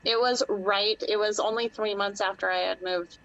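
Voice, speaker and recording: A woman in her thirties telling a story on a podcast, animated and profane, acting out the people she quotes. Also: medium pitch, normal speed, lo-fi sound. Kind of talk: casual storytelling chat.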